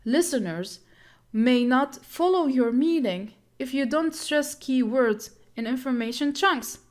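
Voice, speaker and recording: A woman's voice: high-pitched, animated, a little slow. A woman teaching an English pronunciation lesson, explaining and demonstrating word stress step by step.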